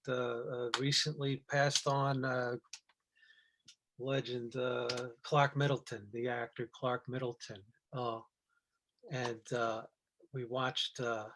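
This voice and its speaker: A middle-aged man in loose, rambling conversation, circling his point through stops, restarts and plenty of fillers. His voice sits at an ordinary pitch for a man, neither high nor low. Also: fairly bright tone. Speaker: guest actor. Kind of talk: casual chat.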